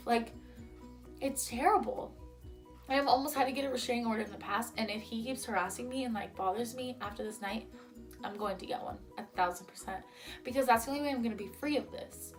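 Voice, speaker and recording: A woman's voice: fairly high pitch, brisk, faint music behind. Chatty young woman telling a storytime. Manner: chatty, lots of "like", acts out quotes. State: a little tipsy. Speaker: vlogger. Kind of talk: storytime vlog, casual chat.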